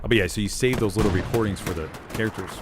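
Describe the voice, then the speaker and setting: A man with a fairly low voice talks casually into his streaming mic, rambling and chuckling at himself. Loud game gunfire and artillery rumble behind him. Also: rapid-fire. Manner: rambling, chatty, laughs at himself. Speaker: streamer and voice actor. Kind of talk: casual chat while streaming a shooter game.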